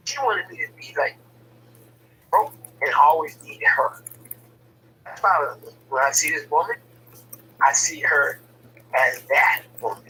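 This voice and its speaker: A man's voice: fairly high pitch, lively intonation, moderate pace, pauses often, pushed and bright, recorded from a distance, slight background noise, low-quality recording. A man telling a personal story in casual, blunt, profane talk, often stumbling and repeating words as he starts a sentence.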